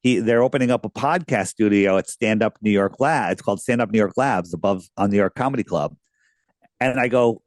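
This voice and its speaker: A man's voice: lowish voice, a little fast, no room sound. A man who is a radio guest, telling stories in a casual, rambling way with many restarts. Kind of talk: casual interview storytelling.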